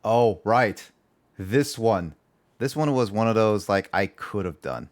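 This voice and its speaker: A man's voice: lowish voice, animated, slow pace. A man streaming a video game, chatting casually and rambling, often repeating his words. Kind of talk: casual gaming livestream chat.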